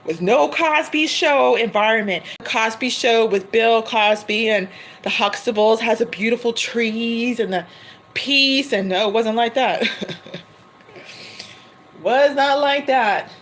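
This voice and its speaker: A woman hosting a livestream, chatting casually and laughing often between quick asides. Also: on the high side, fairly bright tone, slight background noise, low-quality recording. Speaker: tarot reader livestream host.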